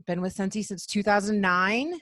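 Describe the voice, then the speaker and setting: A woman's voice: mid-range voice, steady tone, moderate pace, sharp tone, no echo, studio quality. A woman from Maine, a sales director, giving reflective advice in a casual group chat with frequent ums.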